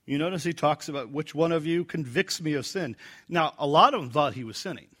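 A man preaching verse by verse from the Bible, acting out quoted lines loudly and dropping to a quiet, low voice when he explains them. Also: brisk. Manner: animated, acts out quoted lines with rising pitch and volume.

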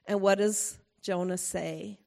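A middle-aged woman preaching a sermon in an animated way, acting out quotes and laughing often. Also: mid-range voice, slow pace, gravelly.

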